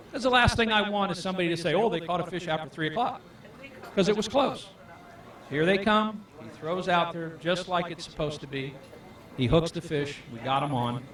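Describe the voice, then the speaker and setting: A man with a fairly high voice tells fishing stories to a live audience with plenty of energy. He acts out each person's lines as he goes. His voice echoes around the room and sounds as if it comes from well away from the microphone. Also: a bit bright. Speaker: fishing guide. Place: event hall. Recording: echoey room, far from the mic.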